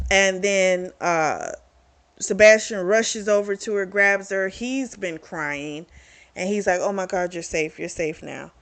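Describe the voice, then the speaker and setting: A woman's voice: mid-range voice, fairly bright tone. A woman casually recapping a romance novel's plot as a book reviewer, chatty and candid, with free swearing.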